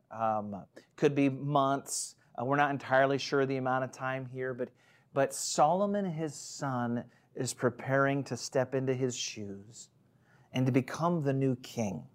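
A man's voice: mid-range voice, a little mellow. A man in his forties, a lead pastor, giving an online church sermon in a conversational way, with many asides and restarts.

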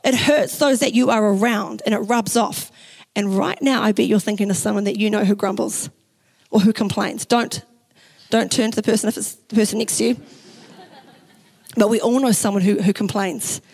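A young woman pastor from New Zealand with a New Zealand accent, preaching a sermon in a chatty, animated way and acting out the quotes in her stories. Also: mid-range voice, normal speed, vocal fry, rough recording. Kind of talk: sermon with personal story. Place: church.

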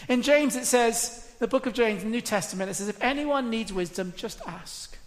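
A woman's voice: on the high side, a little fast. Earnest woman preaching in a reverberant hall. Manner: earnest, repetitive, conversational preaching. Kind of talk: sermon.

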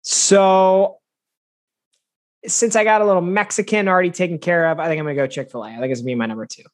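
A man's voice: high-pitched, fairly even intonation, quick pace. A man co-hosting a podcast in casual chat, enthusiastic and slangy, talking about his picks. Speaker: podcast co-host.

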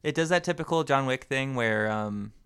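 A man's voice: medium pitch, animated, moderate pace, fairly bright tone, smooth. A young man co-hosting a podcast, chatting casually and rambling with fillers and frequent laughter. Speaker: podcast co-host. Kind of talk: casual chat.

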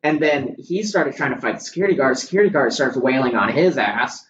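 A man's voice: medium pitch, lively intonation, fairly quick, noisy background. Young man telling candid stories, roomy sound. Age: young adult. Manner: candid storytelling, swears freely. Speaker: guest photographer. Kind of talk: casual podcast chat. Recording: roomy, distant, dull lo-fi sound.

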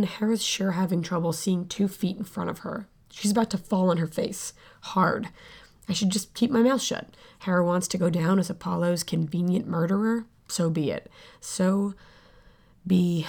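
Gravelly-voiced woman narrating an audio drama. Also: lowish voice, fairly even intonation, normal speed, darkish tone. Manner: sardonic, blunt, swears freely. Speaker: narrator and lead character.

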